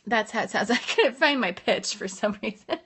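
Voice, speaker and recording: A woman's voice: a little high, expressive, normal speed, fairly bright tone, slightly rough. A woman vocal coach giving a casual, upbeat livestream lesson, chatting with viewers and answering their comments. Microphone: phone livestream.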